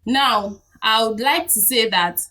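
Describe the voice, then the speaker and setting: A young woman with a Nigerian accent, talking to camera in a chatty, animated way and laughing often. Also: fairly high pitch, takes it slowly, recorded from a distance. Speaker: vlogger. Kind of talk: casual talk to camera.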